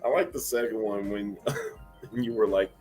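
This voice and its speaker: A man co-hosting a casual stream, telling animated stories and acting out other voices. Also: lowish voice, measured pace, soft background music. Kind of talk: casual live-stream chat.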